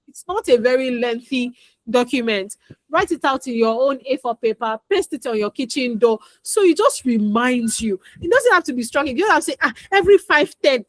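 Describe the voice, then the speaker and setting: A Nigerian woman with a high-pitched voice coaches parents in a chatty, story-filled talk, recorded with no echo. She repeats her advice and acts out little dialogues as she teaches through anecdotes.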